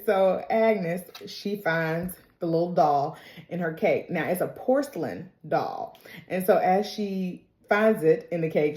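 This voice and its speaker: A woman's voice: fairly low pitch, darkish tone, roomy sound. A woman giving a casual recap of a TV episode, chatty and full of slang, laughing often. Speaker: TV recap vlogger.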